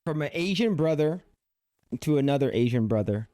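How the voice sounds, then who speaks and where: A man's voice: on the high side, lively intonation, normal speed, mellow, no room sound, studio quality. Exasperated, foul-mouthed reactor man. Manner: profane, exasperated, repeats himself. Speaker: livestream reactor. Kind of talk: casual reaction commentary.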